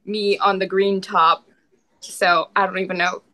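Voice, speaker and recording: A woman's voice: mid-range voice, little pitch movement, unhurried, bright, forceful tone, rough recording. Female podcast co-host, giggly, casual chatter. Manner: giggly, laughs often. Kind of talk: casual chat.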